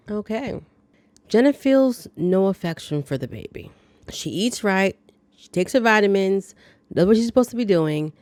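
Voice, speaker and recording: A woman's voice: lowish voice, mellow, no room sound. Chatty woman recapping a movie. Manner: chatty, playful asides and reactions. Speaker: movie review host.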